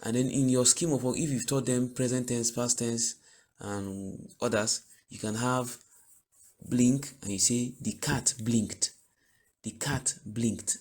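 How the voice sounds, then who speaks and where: A man teaching reading and phonics to other teachers, explaining step by step and slowly repeating example words and sentences. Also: medium pitch, level tone, darkish tone. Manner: explanatory, asks "do you get it?". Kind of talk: spoken lesson for teachers.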